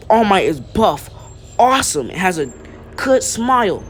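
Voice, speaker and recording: A man's voice: on the high side, expressive, normal speed, a little hiss or hum. A young man casually retelling a fan story, rambling with restarts and slang.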